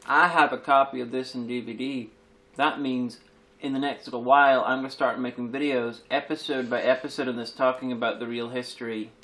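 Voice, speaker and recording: A man chatting casually as host of a tasting video, making dry, deadpan jokes. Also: medium pitch, a little fast, poor audio. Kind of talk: casual chat.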